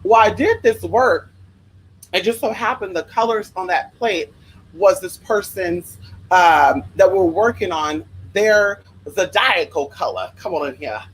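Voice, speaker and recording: A spiritual worker telling rambling stories to viewers in a sassy, profane, animated way, often drifting into side tangents. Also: unhurried, slight background noise, poor audio. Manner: profane, sassy and animated, with big pitch swings. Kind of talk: casual storytelling to viewers.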